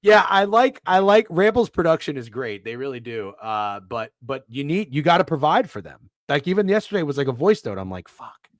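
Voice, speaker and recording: A man's voice: on the high side, a little fast, hardly any pauses, no room sound, clean studio sound. A man co-hosting a casual sports betting chat, rambling and swearing freely. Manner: profane, animated, rambling. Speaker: podcast co-host.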